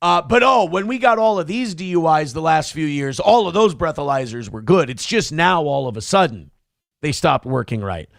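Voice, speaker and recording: Animated, gravelly-voiced male talk host. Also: a little high, normal speed, no room sound, studio quality. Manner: animated, sarcastic, swears freely. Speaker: morning show host. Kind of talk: casual opinionated chat.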